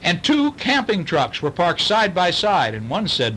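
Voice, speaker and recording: A man gently reading a picture book aloud to a child at home, pausing for chatty asides. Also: high-pitched, wildly swooping pitch, a little hiss or hum. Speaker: parent reading a bedtime story.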